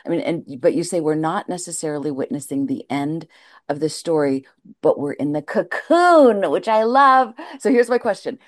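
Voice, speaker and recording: A woman hosts the conversation, asking her guest long questions with chatty enthusiasm. Her voice sits low for a woman, and it sounds dry and close, with no room echo. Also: lively intonation, normal speed. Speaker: host. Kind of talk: interview questions.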